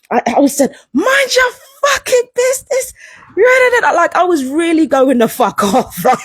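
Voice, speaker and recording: A woman's voice: on the high side, breathy edge, dry recording, clean studio sound. A woman telling a story to camera in a casual vlog, emphatic and profane, repeating herself for emphasis. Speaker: vlogger.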